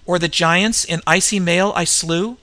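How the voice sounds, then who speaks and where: A man's voice: sits high, fairly even intonation, measured pace, sharp tone. A man reading aloud, voicing a dazed, half-frozen barbarian warrior who speaks grimly. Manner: grim and dazed. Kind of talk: audiobook reading.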